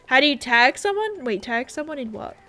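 A young Australian woman with a high, bright voice chats bubbly and scattered with her viewers during a game stream, full of filler words and giggles. Soft game music plays faintly behind her. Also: expressive, normal speed. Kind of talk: casual livestream chat, reading viewer comments.

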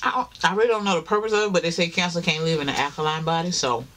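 A man's voice: on the high side, rapid-fire, sharp tone, a little hiss or hum. A tired man, chatting casually to viewers while eating in a mukbang vlog. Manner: chatty, talks straight to viewers as y'all, chewing between lines. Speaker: mukbang vlogger.

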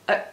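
A young woman doing a casual makeup tutorial, chatting in a rambling way and gushing over the products. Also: a bit bright. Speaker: beauty vlogger. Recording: echoey room.

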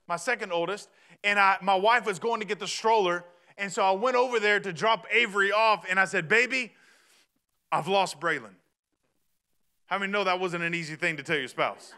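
Man preaching, thirties, high gravelly voice, very bright tone, conversational storytelling that builds to shouts. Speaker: pastor. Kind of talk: sermon.

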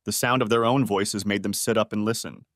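A man's voice: lowish voice, fairly even intonation, fairly quick, fairly bright tone, no echo, clean studio sound. A man narrating a first-person story of betrayal in a dramatic, wounded manner.

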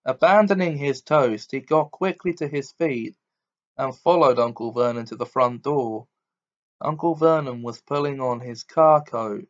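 A man reading a novel aloud as a steady audiobook narrator. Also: medium pitch, a little slow, lo-fi sound. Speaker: audiobook reader.

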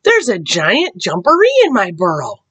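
A woman's voice: mid-range voice, huge pitch swings, moderate pace, fairly bright tone, slightly rough, full character voice. A woman voicing a timid male rabbit who cries out in fright in a storybook. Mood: frightened. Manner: frightened, crying for help.

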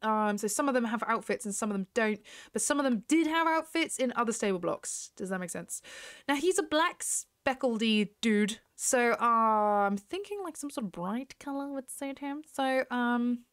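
A woman's voice: a little high, lively intonation, normal speed. A young English woman from the UK chatting and rambling while she plays a horse racing game, laughing at herself. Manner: chatty, rambling, self-mocking. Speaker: gaming YouTuber. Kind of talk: casual gameplay commentary.

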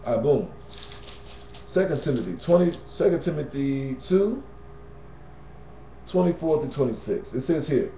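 A man's voice: mid-range voice, expressive, normal speed, long pauses. A man giving a casual Bible teaching in a slangy, conversational way, often adding "you know what I'm saying" and "man.". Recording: roomy, dull lo-fi sound.

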